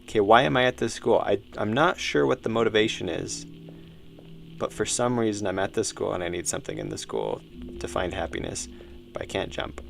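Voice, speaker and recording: Gravelly low-voiced man streaming a game. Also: expressive, brisk, slight background noise. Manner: musing, reads game dialogue aloud. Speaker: streamer playing a horror game. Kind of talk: casual game commentary.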